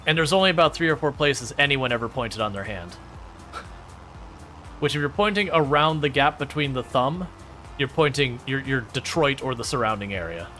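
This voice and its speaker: A man's voice: mid-range voice, expressive, normal speed, bright, forceful tone, faint music behind. A man chatting casually with his live-stream viewers while he plays a farming game, joking, laughing often and restarting his sentences. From Michigan, United States. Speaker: gaming streamer.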